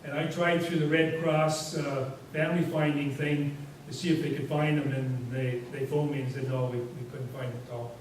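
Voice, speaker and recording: A man's voice: medium pitch, little pitch movement, moderate pace, hardly any pauses. A man giving a presentation to a society, telling rambling anecdotes in a casual way with lots of fillers. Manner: rambling, anecdotal, frequent "you know" fillers. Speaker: guest speaker. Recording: echoey hall from far off, faint hiss.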